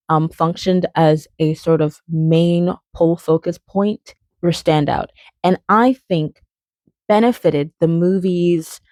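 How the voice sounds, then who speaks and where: Chatty young woman, mellow and dry. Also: on the low side, no echo. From outside England. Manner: chatty and playful, with frequent fillers and tangents. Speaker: video essayist. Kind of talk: casual spoken video essay.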